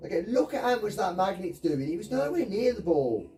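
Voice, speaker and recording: A man's voice: high-pitched, animated, moderate pace, hardly any pauses, dark tone, slight background noise. A man commentating his own video game match, swearing and ranting at his teammates. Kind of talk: frustrated gameplay commentary. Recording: voice distant from the mic.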